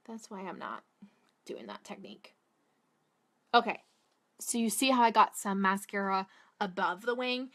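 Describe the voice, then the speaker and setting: A young beauty vlogger from Massachusetts, with a Boston-area accent, chats her way through a makeup tutorial in a bright, forward, mid-pitched voice. Her talk is casual and rambling, peppered with "like" and drifting into side tangents.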